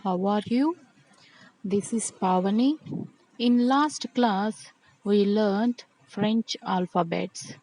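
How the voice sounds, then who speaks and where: A young woman teaching a beginner language lesson, saying each word and then repeating it slowly. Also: mid-range voice, darkish tone, poor audio.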